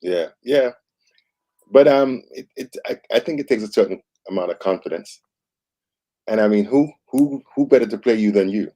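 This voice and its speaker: On a morning news show, a male co-host offers casual talk-show commentary in a deep, low voice with a mellow, dark tone. He speaks at a moderate pace in a relaxed, conversational way, now and then stammering and restarting before getting to his point.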